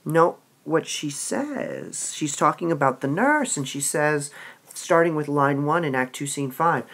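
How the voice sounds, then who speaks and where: A man teaching a literature lesson, reading passages aloud and explaining them with a lively manner and frequent "all right"s. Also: fairly high pitch, unhurried, creaky.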